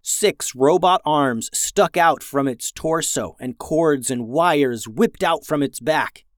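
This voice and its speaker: A man reading a children's adventure story in a gentle, even storytelling manner as a podcast host. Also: fairly high pitch, takes it slowly, dry recording, studio quality. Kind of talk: scripted story narration.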